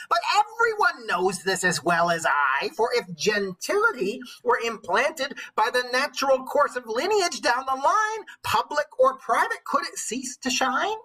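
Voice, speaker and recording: A man's voice: very high voice, sharp tone, husky, voice pushed up, exaggerated voice, poor audio. A man voicing a shrewd old woman who lectures her knight husband, in a witchy voice, as a dramatic verse read-aloud. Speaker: teacher.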